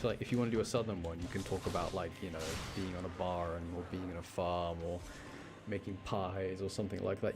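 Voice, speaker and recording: Chatty low-voiced man streaming a game. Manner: rambling, chatty, talks to his chat while playing. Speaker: live streamer. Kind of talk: casual gaming live stream chat.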